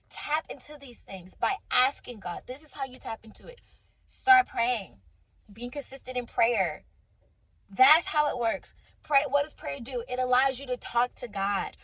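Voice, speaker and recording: A woman with a high voice preaches informally and emphatically, driving points home by repeating lines and calling her listener honey and sweetheart. The sound is dry, with no room echo. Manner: emphatic, repeats phrases for stress. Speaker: Christian faith speaker.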